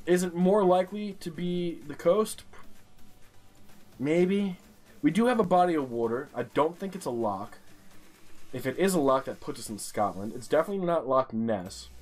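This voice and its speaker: A man with a New York accent commentating a geography guessing game, exasperated and swearing constantly as he rants at what he sees. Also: on the high side. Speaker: streamer playing a geography game. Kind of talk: profane gaming commentary.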